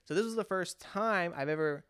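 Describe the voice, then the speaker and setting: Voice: mid-range voice, a little fast, fairly bright tone, smooth, no echo. Californian telling a wild story on a podcast, acts out the quotes, stumbles and restarts, dead dry sound. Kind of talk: casual storytelling chat.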